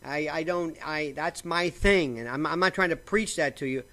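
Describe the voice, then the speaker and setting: A man talking casually to camera from a simple home setup in a rambling, animated way, often restarting his sentences and sipping coffee as he goes. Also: a little high, moderate pace. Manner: slurps coffee while talking. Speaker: vlogger.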